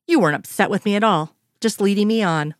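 A woman reading the lines of a young female federal agent in a lively, playful way. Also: medium pitch, fast, no room sound, studio quality, lightly acted.

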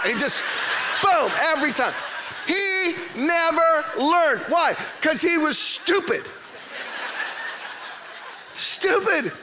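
A middle-aged male pastor preaching a jokey, animated sermon in a church auditorium, moving between hushed asides and near-shouts. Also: high voice.

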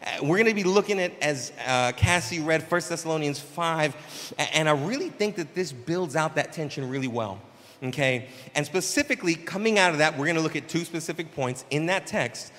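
A man preaching a casual, conversational sermon as pastor, with slangy, animated asides. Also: a little high, fairly quick, long reverb tail. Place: church sanctuary.

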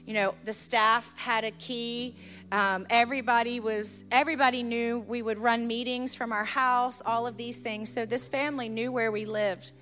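A middle-aged woman pastor telling a story in a sermon, earnest and urgent, turning quiet and intense as she leads a prayer. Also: on the high side, fairly even intonation, normal speed, faint music behind.

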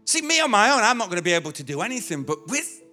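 A man's voice: high-pitched, very animated, fast, bright, forceful tone, faint music behind. A male pastor preaching a sermon in a conversational, illustrative way, with touches of humor. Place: church.

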